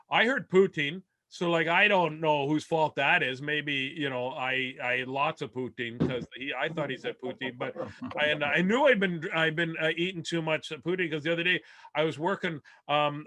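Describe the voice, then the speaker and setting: A male comedian from Winnipeg, Canada, performs a rambling, self-deprecating stand-up set over a video call, full of restarts. His voice is a little high, pushed and bright, at a normal speed.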